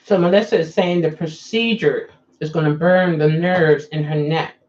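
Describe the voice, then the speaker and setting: A woman's voice: low voice, fairly even intonation, normal speed, darkish tone, highs cut off. A woman hosting a casual livestream, chatting with viewers and coaxing them to answer her questions. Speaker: livestream host.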